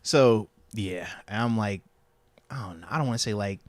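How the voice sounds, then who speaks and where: A man co-hosting a casual sports podcast, talking in an animated way, laughing often and acting out his own asides. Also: on the low side, moderate pace, no echo. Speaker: podcast co-host, former NFL player.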